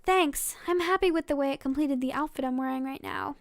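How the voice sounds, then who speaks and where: A woman's voice: high voice, brisk, no room sound. A smug feisty teen girl, read by a woman. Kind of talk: reading fanfiction aloud.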